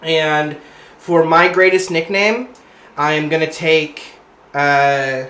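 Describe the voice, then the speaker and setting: A young adult man hosting a podcast, chatting loosely and excitably and calling his co-host "dude". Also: fairly high pitch, slow pace, reverberant, slight background noise. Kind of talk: casual chat.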